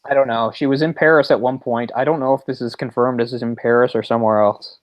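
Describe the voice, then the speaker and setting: A man's voice: medium pitch, steady tone, quick pace, no echo, lo-fi sound. A man co-hosting a podcast, casually retelling a story with mocking impressions. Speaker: podcast co-host. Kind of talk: casual chat.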